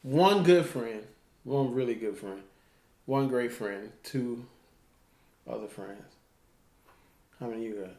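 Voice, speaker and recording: A man co-hosting a casual talk show, telling animated stories and acting out what others said. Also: medium pitch, slow pace, long pauses, roomy sound. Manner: animated storytelling, acting out quotes. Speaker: co-host. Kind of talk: casual chat.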